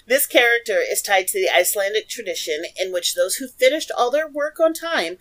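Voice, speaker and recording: A woman's voice: mid-range voice, animated, brisk, a bit bright, rough recording. A woman co-hosting a casual podcast, reading notes aloud, laughing often and stumbling over foreign names. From Oregon, USA. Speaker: podcast co-host.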